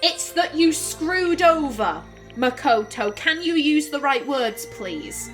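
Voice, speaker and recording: A high-voiced woman comments on a game she is playing, exasperated and expressive, swearing freely. She talks at an unhurried pace, leaning on her words. Faint game music runs underneath. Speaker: let's play host.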